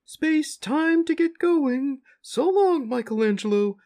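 A booming high-pitched cow head. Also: male voice, expressive, slow pace, warm tone, heavily acted. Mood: grandly kind. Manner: booming, high and sing-song. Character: giant floating cow head, kindly and grand.

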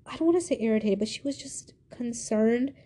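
An eighteen-year-old woman hosting a podcast, telling a personal story in a confiding, animated way. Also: fairly quick. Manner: animated, confiding, swings from high to low. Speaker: podcast host.

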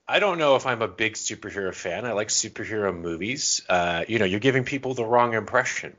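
Low-voiced joking co-host, bright tone. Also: male voice, a little fast, few pauses, dull audio. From Florida, USA. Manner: joking, animated, jumps up in pitch. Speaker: podcast co-host. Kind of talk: casual podcast chat.

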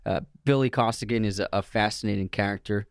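A man's voice: fairly low pitch, quick pace, smooth, no echo, studio quality. A man co-hosting a podcast, giving opinionated takes on actors and films in a casual chat. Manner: opinionated, talks through his views. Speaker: podcast co-host. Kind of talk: casual film discussion.

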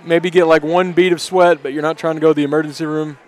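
A man's voice: on the high side, flat delivery, quick pace, darkish tone, some chatter behind. A man co-hosting a podcast in casual chat, teasing and telling stories. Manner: teasing, storytelling. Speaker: podcast co-host.

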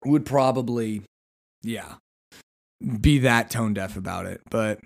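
A man's voice: mid-range voice, slow, creaky, pauses often. A podcast host, a man, ranting sarcastically in a casual solo talk and acting out mock conversations. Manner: animated, sarcastic, acts out mock dialogues.

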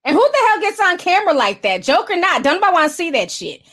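A woman's voice: extremely high pitch, very animated, quick pace, a bit bright. A woman giving casual gossip commentary, blunt, sarcastic and profane. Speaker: commentary vlogger.

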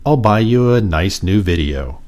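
A man reading aloud and voicing a brisk, kindly grandmother. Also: on the low side, animated, darkish tone.

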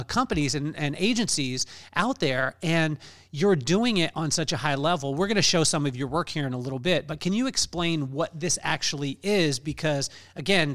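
A man hosting his podcast, his voice sitting a bit high for a man. He talks with lively energy and rambles casually, leaning on fillers and restarting his sentences. He sounds like a man in his forties. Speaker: podcast host. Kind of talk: casual conversational interview.

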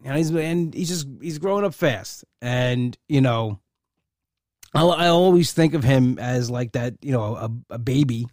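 A man's voice: medium pitch, a little slow, a little mellow, dry recording, studio quality. A man in a casual personal monologue, rambling with many fillers and restarts, heartfelt and proud. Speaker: uncle and godfather.

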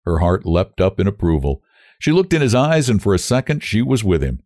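A man reading a novel aloud in measured, expressive storytelling. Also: lowish voice, no echo, clean studio sound. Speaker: audiobook narrator. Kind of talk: scripted narration of a novel.

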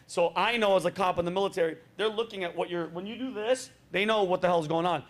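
A man's voice: high-pitched, fast, hardly any pauses. A middle-aged man hosting a podcast, telling stories casually and swearing freely. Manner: profane, animated storyteller. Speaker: podcast host. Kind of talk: casual chat.

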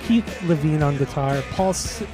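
A young man co-hosting a relaxed conversation, his voice sitting a little higher than most men's. He stumbles over hard names and laughs it off, keeping things easygoing. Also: moderate pace, over music. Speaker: podcast co-host. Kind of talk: casual chat.

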